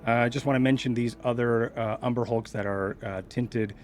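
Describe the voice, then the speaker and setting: A man's voice: mid-range voice, steady tone, brisk. A man running a tabletop game as game master, talking in a laid-back, hesitant way.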